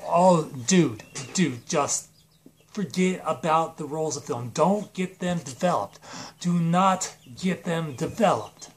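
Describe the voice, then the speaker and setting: A man's voice: a little high, slow, a little hiss or hum. A man voicing an anxious young male friend who keeps pleading and scolding in exasperation.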